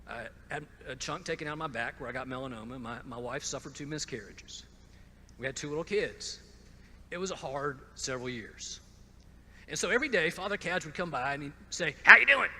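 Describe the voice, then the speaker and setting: A man's voice: fairly high pitch, a bit bright, long reverb tail, a little hiss or hum. A man from Georgia gives a personal testimony talk, stumbling over repeated words and dropping wry asides. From Georgia, USA. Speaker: speaker at a conference.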